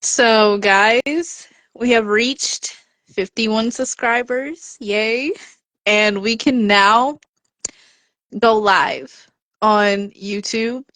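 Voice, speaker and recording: A woman's voice: a little high, drawn-out words, no echo. A woman on a podcast telling a personal story and offering encouragement, acting out the voices she quotes. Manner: lively storyteller who acts out the quoted voices. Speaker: podcast contributor.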